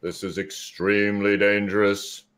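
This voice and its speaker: A man's voice: fairly low pitch, flat delivery, measured pace, fairly bright tone. A man voicing a wary, blunt male dwarf paladin in a tabletop game. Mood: earnest.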